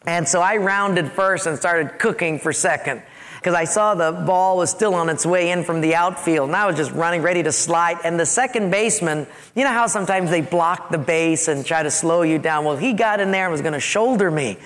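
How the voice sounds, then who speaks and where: A man preaching a storytelling sermon as a pastor, animated, acting out his own yelps and asides. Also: fairly high pitch, a little fast, long reverb tail.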